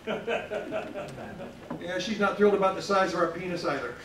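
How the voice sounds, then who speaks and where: Self-mocking comic in an echoey club. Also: male voice, high voice, measured pace, recorded from a distance. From Ohio. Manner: deadpan, self-mocking one-liners. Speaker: stand-up comic. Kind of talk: stand-up comedy set. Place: comedy club stage. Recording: roomy club, off-mic, clear noise.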